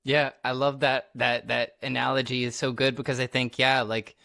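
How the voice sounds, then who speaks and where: A man's voice: medium pitch, little pitch movement, moderate pace, gravelly, bright, forceful tone. A man hosting an interview, casual and enthusiastic, using "like" often and affirming his guest. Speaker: podcast host, interviewer. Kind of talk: interview conversation.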